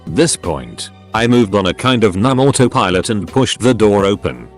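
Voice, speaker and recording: A man's voice: on the low side, big pitch swings, moderate pace, faint music behind. A man narrating first-person stories in a dry, conversational scripted voiceover. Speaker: story narrator.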